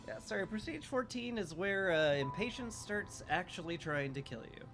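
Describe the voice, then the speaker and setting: A man streaming a strategy game live, talking through his choices in a relaxed, dryly joking way with frequent "uh" fillers. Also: sits high, moderate pace, few pauses, over music. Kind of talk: casual live game commentary.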